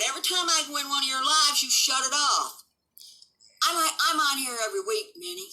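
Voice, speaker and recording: A woman's voice: high-pitched, very animated, moderate pace, sharp tone, low-quality recording. Blunt, combative woman in her seventies. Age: 70s. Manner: blunt, combative, swearing, defiant. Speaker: livestream host. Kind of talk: unscripted livestream rant.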